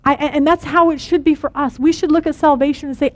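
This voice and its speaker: A middle-aged woman teaching a Bible study, earnest and animated, telling stories and acting out quotes. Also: high-pitched, fast, few pauses, no echo.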